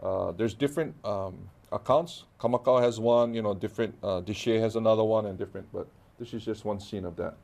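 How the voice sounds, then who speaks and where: A man's voice: fairly low pitch, brisk, gravelly, hardly any pauses, darkish tone. A middle-aged man from Hawaii with a Hawaiian accent, animatedly telling stories in a casual interview and acting out the dialogue. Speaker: guest artist.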